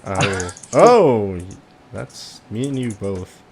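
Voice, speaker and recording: A man's voice: lowish voice, very animated, drawn-out words, a little mellow, a little hiss or hum. A man co-hosting a casual podcast, hesitant and searching for words, with many fillers.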